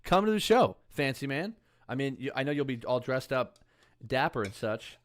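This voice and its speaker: A man, a musician, chatting casually and excitedly with viewers on a livestream. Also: mid-range voice, moderate pace. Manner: upbeat, rambling, excited.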